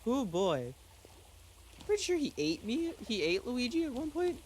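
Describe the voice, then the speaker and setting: A man casually telling a spooky story in an excitable, halting way, full of restarts and exclamations. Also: very high voice, slight background noise. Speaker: channel host.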